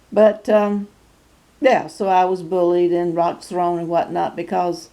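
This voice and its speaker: Woman, 60s, North Carolina Southern accent, slow and unhurried, warm mellow voice, halting with fillers. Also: lowish voice, little pitch movement. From North Carolina, USA. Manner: unhurried, halting with many fillers, chuckles often. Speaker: YouTube channel host. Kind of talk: casual personal vlog.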